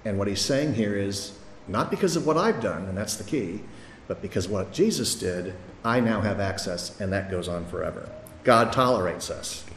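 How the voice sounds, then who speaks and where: Man, middle-aged, pastor, earnest conversational sermon, faint room hum. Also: on the low side. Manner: earnest, conversational preaching with restarts. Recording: echoey hall, faint ambience.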